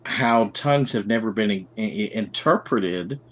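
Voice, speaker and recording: A man's voice: lowish voice, normal speed. Stammering man with faint background hiss. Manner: stammering, repeats words, laughs often. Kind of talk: casual chat.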